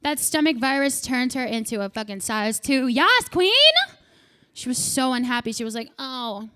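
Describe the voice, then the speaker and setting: A woman in her thirties doing stand-up with crowd work, profane and animated, bursting into shouts. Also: on the high side, normal speed, noisy background. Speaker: stand-up comedian.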